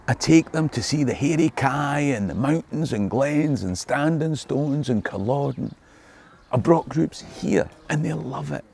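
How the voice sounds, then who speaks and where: A man's voice: medium pitch, vocal fry, dark tone, breathy edge. A middle-aged Scottish man, a history tour guide, delivering a scripted video monologue in a wry, joking way. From Scotland.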